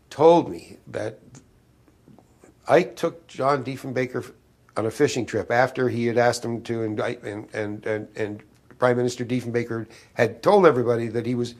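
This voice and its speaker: A man of seventy, an interview guest, recalling old secrets in a rambling way, with frequent restarts and fillers. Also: medium pitch. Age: 70s. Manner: halting, many restarts and fillers, conspiratorial tone.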